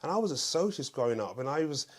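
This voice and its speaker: A man's voice: medium pitch, very animated, very fast. Earnest male talk show host. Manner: earnest, searching for words mid-sentence. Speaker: presenter hosting a talk show. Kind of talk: casual conversation.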